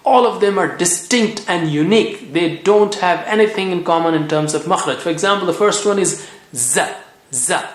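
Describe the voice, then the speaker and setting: A man from Asia, teaching Quran reading in a patient way and repeating each sound slowly for practice. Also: high-pitched. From South Asia. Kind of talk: recorded language lesson. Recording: echoey room.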